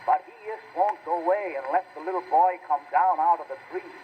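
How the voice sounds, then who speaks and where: A man's voice: fairly high pitch, fairly quick, lo-fi sound, a little hiss or hum, natural voice. A man reciting as a small boy, telling a bear story in folksy dialect with stumbling restarts. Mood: earnest rambling. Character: small boy rambling through a bear tale.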